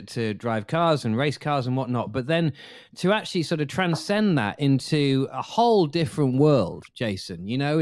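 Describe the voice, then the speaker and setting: A man's voice: medium pitch, darkish tone, no echo, studio quality. A man hosting a podcast, asking enthusiastic, leading questions in a casual chat. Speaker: podcast host.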